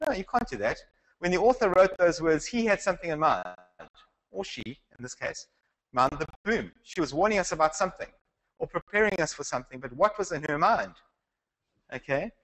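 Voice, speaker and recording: A man's voice: sits high, very animated, fairly quick, fairly bright tone, rough recording. A man teaching a Bible class in a conversational lecture style, asking the class questions and restarting his sentences. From South Africa.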